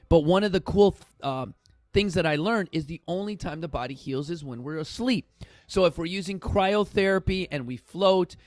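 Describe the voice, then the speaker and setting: A man with a somewhat high voice hosts a casual fitness talk, speaking bluntly and chattily to his viewers. He swears now and then for emphasis. The sound is close and dry, with little room echo. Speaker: fitness studio founder and show host. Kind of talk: casual motivational talk to camera. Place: fitness studio.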